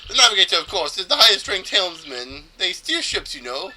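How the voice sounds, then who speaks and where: A man's voice: high voice, big pitch swings, a little fast, pushed and bright, a little hiss or hum, pitched above the performer's own voice, full character voice. A man voicing a vain, pompous male ship owner in a fake Spanish accent, boasting grandly while reading game text. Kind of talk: let's play voice reading.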